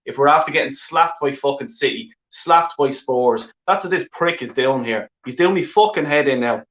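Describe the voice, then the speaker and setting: A man's voice: medium pitch, moderate pace, fairly bright tone, roomy sound, muffled recording. An Irish man ranting angrily on a live stream as a football fan, swearing constantly and repeating himself. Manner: heavy swearing, exasperated, repetitive filler phrases. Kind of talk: angry live-stream rant.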